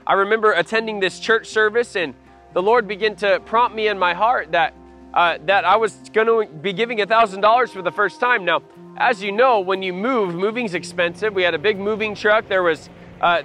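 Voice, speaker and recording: A man preaching a personal testimony, telling the story with animated energy and frequent restarts. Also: sits high, a little fast, faint music behind. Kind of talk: testimony sermon.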